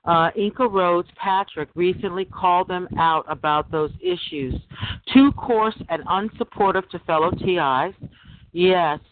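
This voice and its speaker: A man's voice: high-pitched, measured pace, no room sound. A man hosting a call-in show, rambling and talking straight to his listeners as "guys". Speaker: host. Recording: tinny phone-line sound.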